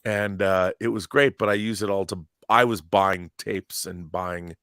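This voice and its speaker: A man in his fifties, co-hosting a podcast, telling blunt, lively stories and acting out the dialogue in them. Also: low voice, unhurried, smooth, no room sound, clean studio sound. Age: 50s. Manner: animated anecdotes, blunt, acts out dialogue. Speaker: podcast co-host. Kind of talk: casual storytelling chat.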